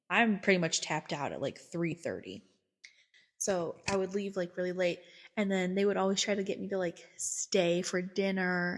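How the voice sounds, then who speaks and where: Woman, podcast host, casual chat, filler-heavy, self-deprecating. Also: medium pitch. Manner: chatty, lots of filler words, self-deprecating. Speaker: podcast host, behavior technician.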